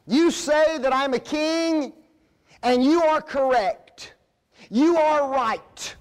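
A man voicing a calm, resolute king on trial, speaking in emphatic declarations. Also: extremely high pitch, takes it slowly, voice pushed up. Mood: firm, declaring.

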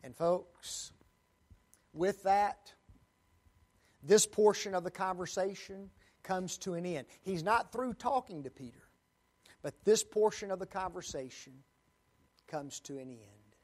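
A man's voice: sits high, darkish tone. A man preaching a sermon, dramatic, acting out pleading quotes and addressing the congregation as folks. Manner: slow, dramatic, acts out quoted pleas.

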